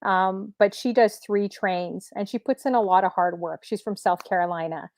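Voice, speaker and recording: An upbeat woman DJ chats casually as an interview guest, full of fillers and a little hoarse from a long day. Her voice sits in a middle register and sounds close and dry, with almost no room around it. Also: mid-range voice, moderate pace, darkish tone, no room sound. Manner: upbeat, chatty, many fillers. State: slightly losing her voice. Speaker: streamer DJ guest.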